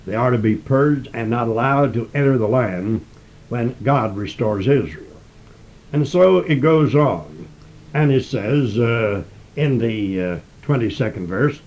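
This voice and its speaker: A man's voice: mid-range voice, lively intonation, a little mellow. Man teaching scripture on a dull recording. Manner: reads scripture aloud, then explains it in a measured, emphatic way. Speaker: preacher. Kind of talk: sermon-style Bible teaching.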